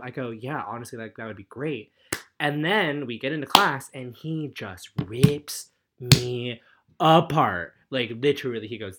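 A man's voice: mid-range voice, normal speed, fairly bright tone. A young man, a college student, telling a story in a casual chat with friends, laughing often and acting out the people he quotes. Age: young adult. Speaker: podcast co-host.

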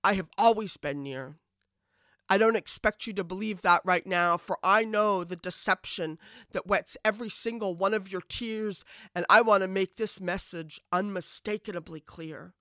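Woman speaking as tender reassuring God, spoken-word poetry, bright tone, dry close sound. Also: mid-range voice, moderate pace, no room sound, lightly acted. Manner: gentle, reassuring, steady recitation. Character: tender patient loving God speaking to a daughter.

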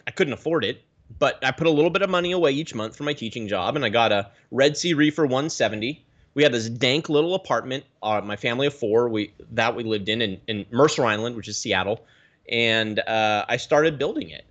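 A man in his thirties from the Pacific Northwest, a guest telling his story in a casual interview with lively swings of pitch. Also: lo-fi sound. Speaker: guest, reef aquarium YouTuber.

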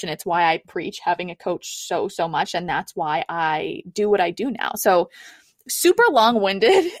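A woman's voice: on the low side, no room sound, studio quality. A young adult woman, a coach and podcast guest, telling her own story in a candid, chatty way with frequent "like" fillers. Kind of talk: casual personal storytelling.

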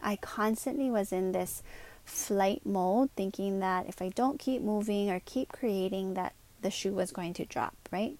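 A woman hosting a solo podcast, talking in an earnest, confiding way, with quick asides and slowed words for emphasis. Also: mid-range voice, darkish tone. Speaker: podcast host. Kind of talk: reflective solo podcast monologue.

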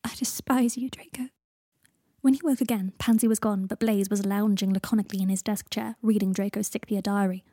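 A woman reading fan fiction aloud in a hushed narration. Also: medium pitch, steady tone, fast talker, hardly any pauses, no echo, studio quality. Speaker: reader.

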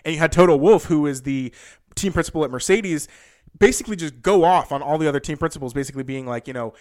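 A man's voice: a little high, fast, a little mellow. A young man talking through a motorsport season in a loose, rambling way, full of restarts and "you know", rising in disbelief as he goes. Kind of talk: casual motorsport commentary.

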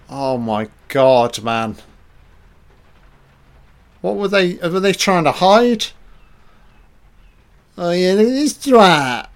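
A man giving a casual, sarcastic and profane commentary over a film, tossing off laid-back asides. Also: fairly high pitch.

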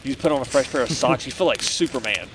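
A man's voice: mid-range voice, fast, fairly bright tone, slight background noise, low-quality recording. A young man casually telling a military story outdoors at a campfire, laid-back and swearing a lot, with "like" and "bro" all through. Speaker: former Marine telling a story.

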